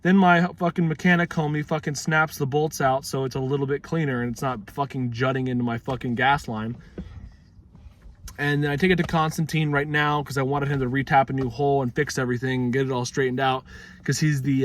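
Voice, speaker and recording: A man's voice: medium pitch, fairly even intonation, a little fast, a little hiss or hum. Profane young man rambling in a vlog. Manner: profane, rambling, laid-back. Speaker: vlogger. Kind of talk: casual vlog monologue.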